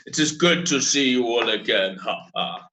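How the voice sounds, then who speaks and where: Guy doing a big pompous hutt boss, slow and grand, booming laugh, bright voice. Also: a little hiss or hum, full character voice, rough recording. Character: pompous lounging male Hutt crime lord.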